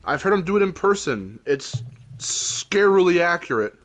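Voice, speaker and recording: A man's voice: high-pitched, very animated, normal speed. A young man hosting a casual gaming stream, joking, rambling and laughing often as he chats. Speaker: streamer and host.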